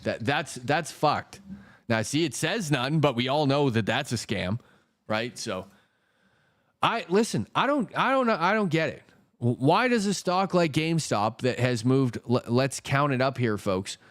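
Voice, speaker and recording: A man's voice: medium pitch, sing-song, measured pace, no room sound, studio quality. A man hosting a stock market livestream, ranting in a casual, exasperated way, swearing often and repeating himself. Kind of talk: casual profane market rant.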